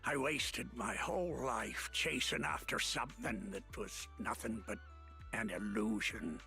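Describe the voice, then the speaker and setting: An actor playing a weary old male sea captain and grandfather, talking in a rueful, gravelly game voice. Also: mid-range voice, a little slow, sharp tone, soft background music, exaggerated voice. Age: older. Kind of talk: video game voice acting.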